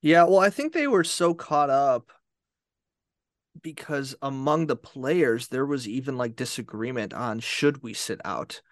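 A man's voice: mid-range voice, animated, measured pace, dry recording. A chatty man co-hosts a casual podcast, laughing easily and slipping into quoted voices. His voice sits in a middle register. The sound is dry and close, with no room around it. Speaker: podcast co-host. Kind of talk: casual chat.

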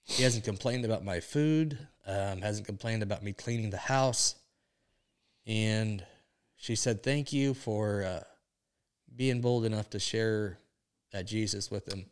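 A man with a lowish, smooth and resonant voice tells a faith testimony into a podcast mic. He speaks earnestly and strings his thoughts together with frequent "and, uh", like someone recounting a story that moved him. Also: unhurried. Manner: earnest storytelling, many "and, uh" links. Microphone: podcast microphone.

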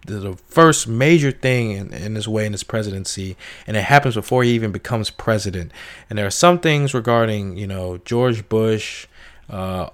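Young man, low-ish voice, casual slangy book review, animated impressions of quoted people. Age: young adult.

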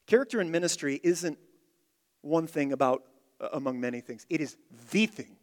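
A man preaching an expository sermon, emphatic, repeating key phrases and swinging from loud to hushed. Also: fairly high pitch, lively intonation, normal speed, in a large hall. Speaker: pastor.

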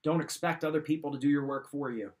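A man's voice: a little high, steady tone, fast talker, darkish tone. A man hosting a show, giving motivational advice in an emphatic, direct way and repeating his points. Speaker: podcast host. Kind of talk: motivational talk.

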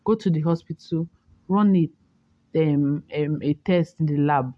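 A woman's voice: low voice, measured pace, dry recording, muffled recording. A young woman hosting a casual morning talk show, chatty and teasing, explaining things to her listeners. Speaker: host.

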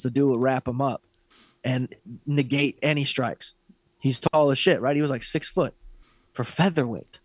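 A man's voice: mid-range voice, no echo. A man co-hosting a fight podcast, talking in a blunt, profane, opinionated way in casual sports chat. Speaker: podcast co-host.

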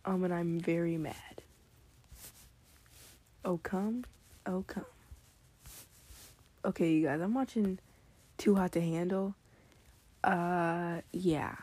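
A woman's voice: fairly low pitch, steady tone, slow pace, pauses often, a little mellow. A teenage girl vlogging alone late at night, rambling from topic to topic with giggles, gushing exclamations and frequent whispered asides. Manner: scattered, drifts into whispered asides.

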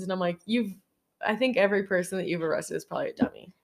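A woman's voice: medium pitch, quick pace. A young woman co-hosts a casual podcast, retelling a film's plot in a rambling, giggly way. She laughs often and drops the odd curse word, keeping the chat loose and informal. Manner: giggly, rambling, sprinkled with swearing. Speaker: podcast co-host. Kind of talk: casual chat recapping a film.

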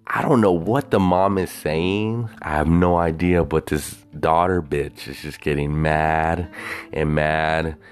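Very deep-voiced man telling a rambling story. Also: steady tone, slow pace, clear, resonant tone. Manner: profane, hesitant, self-doubting.

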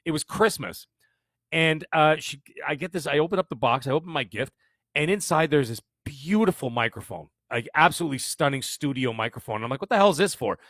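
A man's voice: a little high, dry recording, studio quality. A man in his fifties with a Canadian accent, telling stories energetically as a podcast guest. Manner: fast, energetic storytelling with frequent restarts. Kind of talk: casual interview chat.

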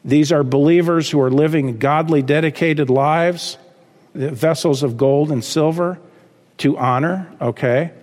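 A man preaching from the pulpit, his voice sitting a little higher than most men's. He hammers points home with repeated phrases and sudden emphatic lifts. A long hall reverb trails behind every line. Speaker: pastor. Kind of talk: sermon.

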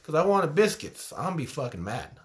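A man co-hosting a podcast, chatting casually with lots of swearing and animated storytelling. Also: a little high, a little fast. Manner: profane, animated storytelling with impressions. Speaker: podcast co-host. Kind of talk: casual chat.

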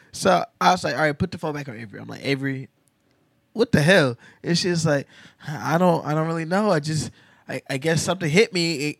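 A young man co-hosting a podcast, telling a story in casual chat and acting out the quotes loudly. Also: on the high side, gravelly, dry recording. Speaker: podcast co-host.

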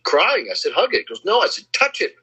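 A man in casual chat, telling boastful anecdotes and acting out the quotes in a husky voice. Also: on the high side, very animated, fast, sharp tone. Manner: boastful name-dropping anecdotes, acts out quotes. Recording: slightly dull lo-fi sound.

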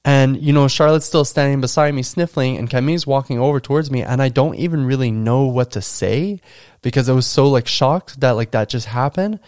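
A man's voice: mid-range voice, brisk, darkish tone, clean tone, dry recording, clean studio sound. A man hosting a podcast, telling a story from his coaching days in a casual, conversational way with lots of fillers. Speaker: podcast host and school coach.

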